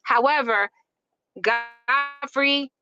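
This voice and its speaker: A woman's voice: sits high, steady tone, extremely slow, sharp tone, highs cut off, faint music behind. A woman from Chicago hosting an opinionated commentary show, emphatic and rambling with lots of fillers. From Chicago, USA. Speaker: host.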